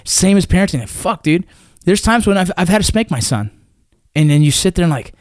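A man's voice: high voice, big pitch swings, fairly quick, dry recording, studio quality. A man in his thirties or forties, a military veteran guest talking in a blunt, profane, emphatic way in casual conversation.

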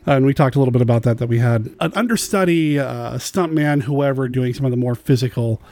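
A man co-hosting a podcast, speaking in a measured way about a film and addressing listeners directly. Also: medium pitch, darkish tone. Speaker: podcast co-host. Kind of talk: casual film discussion.

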